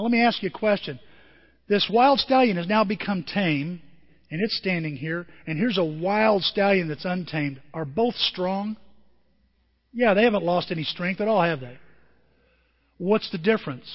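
A man preaching a sermon as pastor, talking in a conversational, animated way with acted-out quotes. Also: sits high. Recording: dull lo-fi with long reverb.

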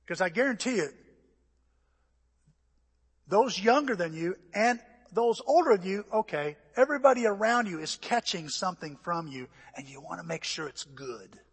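An older man preaching a sermon, telling stories animatedly and acting out voices and shouts, sounding a little out of breath. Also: high voice, animated, moderate pace, husky. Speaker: pastor. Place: church. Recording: echoey church hall.

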